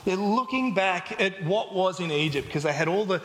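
A man's voice: high voice, expressive, moderate pace, fairly bright tone. A man preaching a sermon in a joking, conversational way, acting out the voices of people who complain. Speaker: pastor. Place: church service hall. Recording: echoey live church hall.

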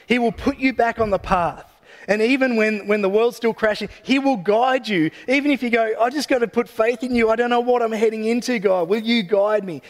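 A man giving a casual, joking sermon that retells a story and ends in prayer. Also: sits high. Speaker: preacher. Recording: long hall reverb.

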